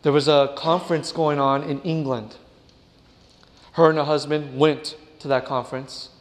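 Brief: male preacher, storytelling sermon, dramatic hushed drops, high voice, big hall reverb. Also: fairly even intonation, normal speed. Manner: dramatic, drops to a hush, addresses listeners as "friends".

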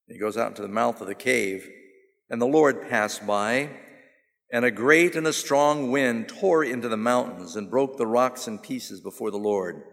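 A man's voice: medium pitch, vocal fry. Guy preaching a sermon, storytelling and jokes then getting emphatic, big echoey hall. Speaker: pastor. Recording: long hall reverb.

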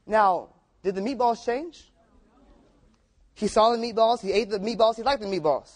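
A man's voice: sits high, moderate pace, a little mellow. A man preaching a sermon through casual, repetitive stories. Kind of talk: storytelling sermon.

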